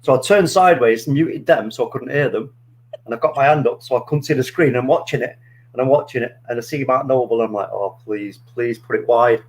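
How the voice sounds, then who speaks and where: A man hosting a casual football chat, telling stories in a rambling, animated way with many restarts. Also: medium pitch, fast, slightly rough, low-quality recording. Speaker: podcast host.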